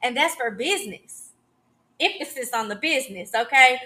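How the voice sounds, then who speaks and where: A woman's voice: high voice, lively intonation, moderate pace, sharp tone. A woman in her thirties hosting a podcast, giving an emphatic, preachy solo talk and often checking in with "okay?". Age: 30s. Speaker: podcast host.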